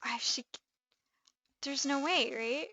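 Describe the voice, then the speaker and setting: A young woman with a Midwestern accent chatting on a live stream, excitable and gushing, rambling with lots of fillers. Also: high voice, slow pace, dry recording, low-quality recording. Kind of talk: casual live-stream chat.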